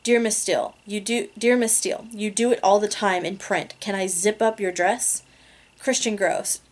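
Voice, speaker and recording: A woman's voice: mid-range voice, steady tone, moderate pace. A woman reading a romance novel aloud in a casual amateur way, laughing at her own slips. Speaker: reader.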